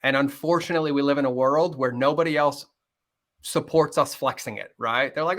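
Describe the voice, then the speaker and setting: Brief: middle-aged male podcast guest, earnest and open, bright forward tone, mid pitch. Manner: earnest, fast-flowing, acts out quoted dialogue. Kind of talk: candid interview conversation.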